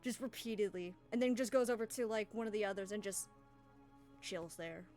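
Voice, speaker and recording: A woman running a tabletop role-playing game, narrating the scene in a loose, chatty way. She talks at a middle pitch with plenty of fillers, and faint music plays behind her. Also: brisk, a little mellow. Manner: casual, rambling, with fillers and laughs. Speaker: game master.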